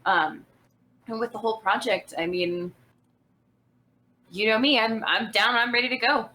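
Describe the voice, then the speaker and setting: A woman's voice: a little high, fairly even intonation, a little slow, sharp tone, a little hiss or hum, rough recording. A woman guest chatting casually over a call, eager but hesitant, often restarting her sentences.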